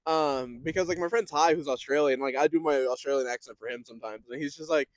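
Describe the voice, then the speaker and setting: A young man co-hosting a casual podcast, animated and full of fillers, laughing often. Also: a little high, fast, dry recording. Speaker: podcast co-host. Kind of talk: casual chat.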